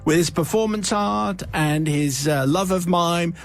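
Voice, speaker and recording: Male radio host, fairly high voice, reading a listener confession, wry playful asides. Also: a little slow, faint music behind.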